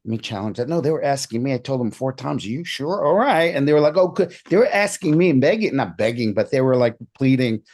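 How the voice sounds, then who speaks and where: Animated man telling a story. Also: mid-range voice, fast, few pauses. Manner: animated storyteller, acts out other people's lines. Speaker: podcast guest, hypnotist. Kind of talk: storytelling in a casual interview.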